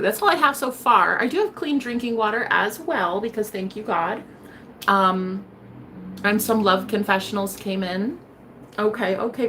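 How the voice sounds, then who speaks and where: A sassy young woman rambles to her camera in a casual vlog, playful and cheeky, sometimes hushed and sometimes loud. Her pitch sits in a mid range. A faint hiss runs under her voice. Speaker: vlogger.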